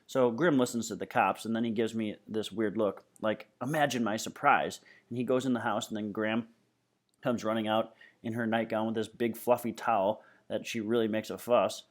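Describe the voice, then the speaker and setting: A man's voice: fairly low pitch, steady tone, brisk. A man reading a novel aloud in a casual, first-person storytelling way. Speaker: reader.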